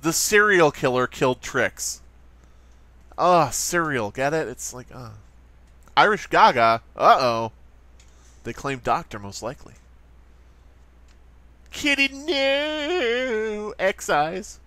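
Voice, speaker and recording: A man's voice: medium pitch, animated, unhurried, pauses often, sharp tone, no echo. A man doing playful, sarcastic let's play commentary while playing and talking straight to his viewers. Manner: sarcastic, jokey, talks to viewers. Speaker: gaming commentator.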